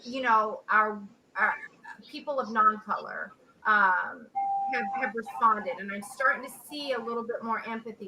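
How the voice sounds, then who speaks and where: A woman's voice: a little high, noisy background. A woman in her forties, an interview guest speaking earnestly on a video call and repeating words for emphasis. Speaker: interview guest, social entrepreneur. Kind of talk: emotional interview talk.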